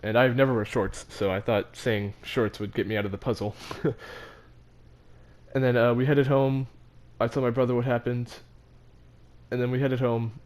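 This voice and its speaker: A man's voice: medium pitch, fairly even intonation, normal speed, darkish tone. A teenage boy telling a story about his school in a casual, rambling, self-mocking way, with many fillers and restarts. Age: teens. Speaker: vlogger.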